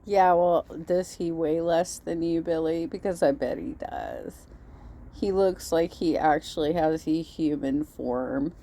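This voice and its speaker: A woman's voice: deep voice, slow, vocal fry, warm tone. A woman hosting reaction commentary, blunt and cutting, often sarcastic. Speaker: commentary channel host.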